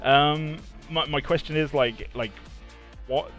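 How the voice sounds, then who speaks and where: A man's voice: a little high, takes it slowly, a bit bright, soft background music. A man hosting a casual game development livestream, talking in rambling bursts with lots of restarts. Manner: rambling, many restarts, easy laughter.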